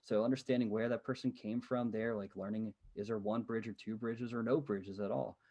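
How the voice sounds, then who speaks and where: A man from Pennsylvania, a guest on a casual podcast, telling stories about his work in an animated way. He laughs often and fills his pauses with "um.". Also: on the low side, lo-fi sound. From Pennsylvania, USA. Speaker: podcast guest, living-history interpreter. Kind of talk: casual storytelling in an interview.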